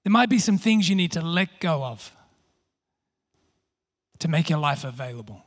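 A man's voice: on the high side, expressive, normal speed. A man preaching a sermon, telling a story with self-deprecating humour and frequent restarts. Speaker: pastor.

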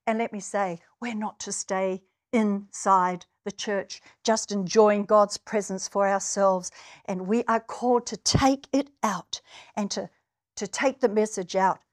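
A woman's voice: medium pitch, fairly even intonation, unhurried. A woman from New Zealand preaching a sermon, earnest, and building to emphatic, stirring passages. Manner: earnest, rises to emphatic exclamations.

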